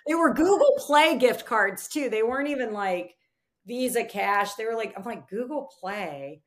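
A woman in her thirties, a podcast guest in casual chat, telling a story with lively acted-out quotes. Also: a little high, normal speed. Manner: animated storyteller, acts out quoted voices.

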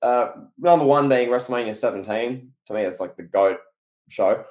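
A man co-hosting a podcast, telling a story in an animated, excitable way. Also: mid-range voice, moderate pace, muffled recording. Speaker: podcast co-host. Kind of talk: casual podcast chat. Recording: echoey room.

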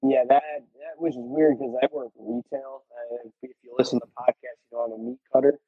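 A man's voice: mid-range voice, steady tone, fairly quick, husky, no echo, phone-quality sound. A man co-hosting a podcast, talking in a laid-back, casual way. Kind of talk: casual chat.

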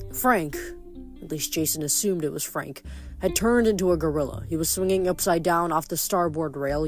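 A steady, plain-voiced narrator reads a novel aloud, sometimes stopping to correct a word. Faint music plays underneath, and the delivery stays even and unhurried. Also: medium pitch. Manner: steady, plain reading with small self-corrections. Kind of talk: fan audiobook reading with recap.

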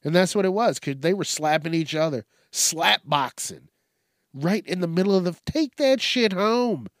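Guy ranting crude news stories, kinda high voice, super dry mic. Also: normal speed, no room sound. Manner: ranting, crude, animated storytelling. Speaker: show host. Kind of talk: profane comedic news commentary.

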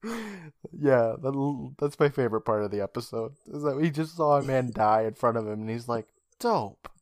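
Male podcast co-host, animated recap with quick character lines, dry close sound. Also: mid-range voice, no room sound. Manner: retells scenes with quick put-on character lines, laughs often. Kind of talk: casual recap chat.

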